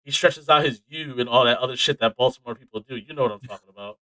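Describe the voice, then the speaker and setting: A man co-hosting a casual podcast, telling stories with animated energy, plenty of swearing and laughter. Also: mid-range voice, fast talker, no room sound, rough recording. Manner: animated storytelling, heavy swearing, frequent laughs. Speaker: podcast co-host. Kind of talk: casual chat.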